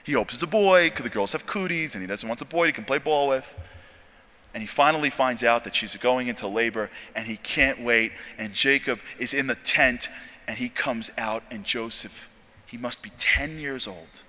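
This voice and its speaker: A man giving a storytelling sermon talk at a convention, animated and jokey, acting out dialogue. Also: mid-range voice, normal speed. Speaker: speaker at a convention. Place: large convention hall. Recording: long hall reverb.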